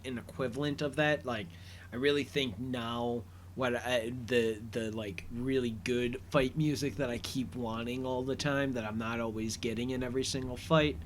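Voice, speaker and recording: A man's voice: medium pitch, a bit bright. Rambling man recapping a cartoon. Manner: rambling, filler-heavy, enthusiastic. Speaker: podcast commentator. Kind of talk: casual episode recap.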